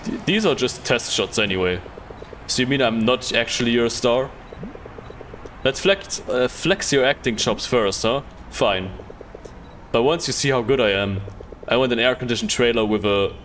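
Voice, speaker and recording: A man's voice: medium pitch, fairly bright tone, a little hiss or hum. A man streaming a game live, reading the dialogue aloud in a casual way, stumbling over words and swearing offhand.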